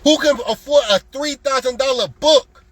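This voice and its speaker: A man's voice: extremely high pitch, moderate pace, fairly bright tone, dry recording, low-quality recording. A man selling lottery strategies, ranting in a heated, profane way and mockingly mimicking his customers. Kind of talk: heated live-stream rant.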